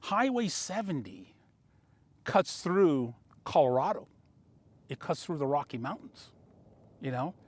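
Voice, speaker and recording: A slightly high-voiced man in his sixties tells a motivational story straight to the camera. He is a longtime car dealer and talks in an animated way, his enthusiasm building as he goes. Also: a little slow, long pauses, breathy edge, no echo. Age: 60s.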